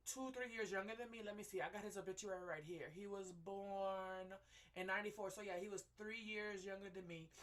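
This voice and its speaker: A woman, talking casually to her viewers in a halting, rambling way, full of fillers and self-corrections, candid and heartfelt. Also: mid-range voice, fairly bright tone. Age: late 20s. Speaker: vlogger. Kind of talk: casual personal update to viewers.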